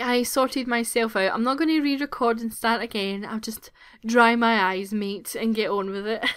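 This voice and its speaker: Female vlogger, casual home chat, smooth tone, dry close sound, grateful and rambling. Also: mid-range voice, a bit bright, dry recording. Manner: gushing and grateful, rambling with restarts. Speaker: YouTube gaming channel host. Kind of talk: casual chatty vlog.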